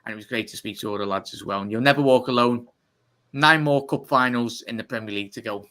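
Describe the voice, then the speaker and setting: A man hosting a fan live stream, talking fast and giving chatty shout-outs. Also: mid-range voice. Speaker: fan channel host. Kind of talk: live stream sign-off chat.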